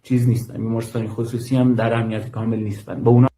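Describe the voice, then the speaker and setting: A man who works with an aid group gives testimony in an interview. His voice is dark and mellow, and he speaks very fast. His delivery is formal, broken up by fillers. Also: mid-range voice, flat delivery. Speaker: guest, aid worker.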